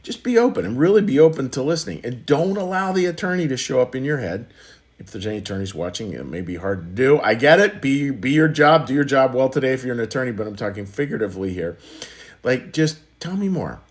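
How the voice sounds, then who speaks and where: A man's voice: medium pitch, sing-song, fast talker. A man giving a short, conversational sermon as pastor on a church livestream, often repeating and restarting phrases.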